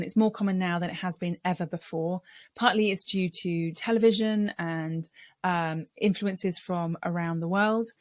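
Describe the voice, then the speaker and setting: Deliberate woman coach, low voice. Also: darkish tone, no room sound, studio quality. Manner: clear, deliberate, demonstrates voice styles. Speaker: speaking coach. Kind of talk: teaching to camera.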